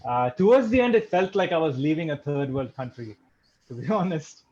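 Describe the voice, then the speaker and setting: A man's voice: on the high side, expressive, fairly quick, darkish tone, highs cut off. A young man from India doing a stand-up set online, with dry, self-deprecating jokes and chuckles. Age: young adult. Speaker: stand-up comedian.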